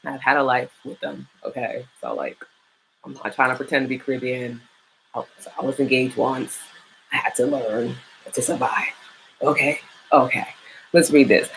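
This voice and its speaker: A young adult woman with a New York accent hosting a casual live chat, frank and profane, swooping up in pitch when she gets worked up. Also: bright, forceful tone, rough recording. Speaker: podcast host.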